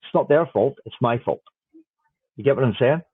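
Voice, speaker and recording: A man's voice: medium pitch, lively intonation, moderate pace, slightly rough, no echo. A man with an Irish accent, a smart contract auditor, talking bluntly and swearing freely in a casual podcast chat. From Ireland. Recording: dry tinny phone-like line.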